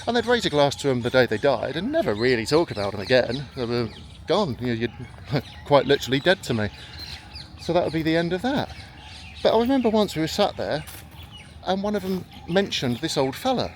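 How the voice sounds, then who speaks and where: A man's voice: on the high side, big pitch swings, brisk. A middle-aged man talking casually while walking in a park, telling stories and acting out what people said. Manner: chatty storytelling, acts out quoted voices. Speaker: vlogger. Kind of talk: rambling walk-and-talk vlog. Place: outdoors in a park. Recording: faint outdoor background noise.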